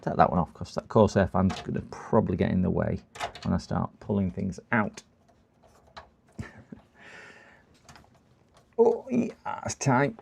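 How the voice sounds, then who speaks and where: A man's voice: low-pitched, wildly swooping pitch, a little slow, vocal fry, long pauses, darkish tone, a little hiss or hum. A man, chatting casually on a live stream while repairing computers, rambling and laughing to himself.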